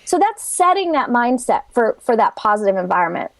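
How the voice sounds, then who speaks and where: High chatty woman explaining stuff, dry close sound, acts out quotes. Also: big pitch swings, brisk, gravelly, no echo. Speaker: guest expert. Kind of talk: animated interview talk.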